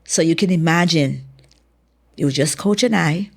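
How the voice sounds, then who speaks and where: A Bahamian woman tells stories from her running career as an interview guest. Her voice sits fairly low, with a gravelly fry and a husky, breathy edge. She is an animated storyteller who acts out the dialogue. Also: moderate pace. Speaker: guest, former track athlete.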